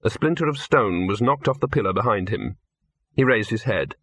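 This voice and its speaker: A man reading an audiobook, telling the story in a wry, lively way. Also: lowish voice, normal speed, husky, no room sound. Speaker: audiobook narrator.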